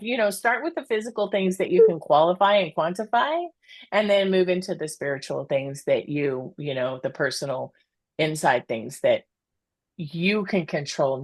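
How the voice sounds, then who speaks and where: A woman's voice: low voice, no echo. A woman guest talking in a casual chat, earnest and reflective, giving motivational advice.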